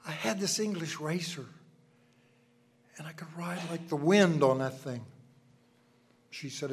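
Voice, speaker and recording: An older man preaching a sermon, telling folksy personal stories and swinging from loud emphasis to hushed asides. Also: fairly high pitch, unhurried, long pauses, husky.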